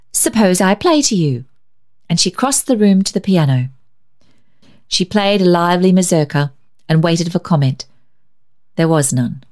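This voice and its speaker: A woman narrating a classic short story in a calm, measured storytelling manner. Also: on the low side.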